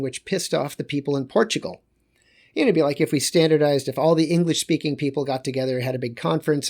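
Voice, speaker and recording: A man lectures as a teacher in a relaxed, conversational way and drops in joking asides. His voice sits a little above the usual male pitch. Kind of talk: recorded lecture.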